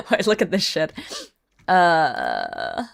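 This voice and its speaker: A woman's voice: low voice, wildly swooping pitch, very slow, vocal fry. A young woman streaming a game and chatting casually, reading chat messages aloud and laughing often. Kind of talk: casual gaming livestream chat.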